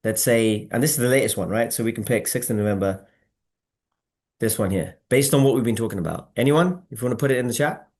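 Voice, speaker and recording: A man's voice: mid-range voice, quick pace. A man hosting a casual marketing webinar on a video call, talking emphatically and asking the audience to respond. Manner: animated, emphatic, asks audience for replies. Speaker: webinar host.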